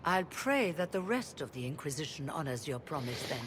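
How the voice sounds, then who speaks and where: An actor voicing a solemn, measured leader of rebel mages in a video game. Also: medium pitch, big pitch swings, a bit bright, slight background noise.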